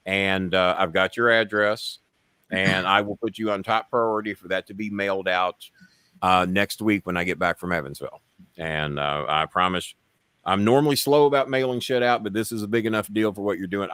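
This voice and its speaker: A man with a lowish voice hosts a live stream, rambling along and swearing freely as he haggles over a sale. The sound is dry and close, with no room around it. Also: fairly bright tone, smooth, no room sound. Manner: rambling, profane, bargaining with viewers. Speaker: show host. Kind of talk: casual live-stream chat.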